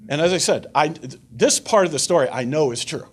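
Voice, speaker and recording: An older man giving a public talk at a foreign affairs forum, telling an anecdote in an animated way and taking audience questions. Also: fairly high pitch, brisk. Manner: animated storyteller, voices characters in his anecdote. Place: lecture room before an audience.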